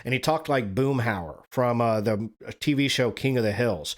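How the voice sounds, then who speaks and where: A man's voice: mid-range voice, lively intonation, fairly quick, few pauses. A man hosting a podcast who reads articles aloud, then drifts into rambling, profane asides and corrects himself as he goes. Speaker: podcast host. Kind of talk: reading articles aloud and riffing casually.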